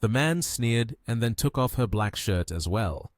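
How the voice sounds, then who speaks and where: A man narrating a story recap with steady, expressive storytelling. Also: medium pitch, a little slow, no room sound, clean studio sound.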